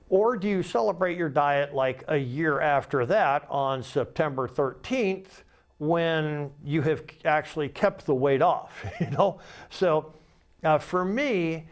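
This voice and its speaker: Older male host, 60s, folksy and rambling, mid-pitched voice. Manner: rambling, folksy, acts out remembered dialogue. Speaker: podcast host. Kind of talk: casual political monologue.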